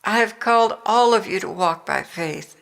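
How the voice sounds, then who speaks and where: A woman's voice: medium pitch, normal speed, gravelly, a bit bright. Jesus, a tender divine man, as an older woman reads him. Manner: tender, encouraging, exhorting. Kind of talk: devotional reading.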